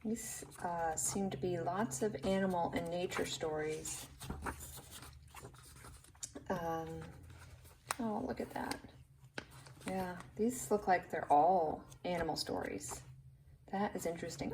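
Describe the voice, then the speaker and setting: A woman's voice: fairly low pitch, slow, pauses often, recorded from a distance, background noise. A woman who sells vintage books, showing them one by one in a casual, chatty way and gushing over the illustrations. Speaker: vintage book seller. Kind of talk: casual show-and-tell.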